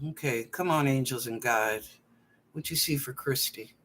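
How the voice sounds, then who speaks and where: Bright, animated woman psychic host. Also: a bass voice, a little slow, breathy edge. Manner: animated and playful, drawing out phrases, chatty asides. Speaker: psychic reader and show host. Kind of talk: live online psychic readings for viewers. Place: apartment at home.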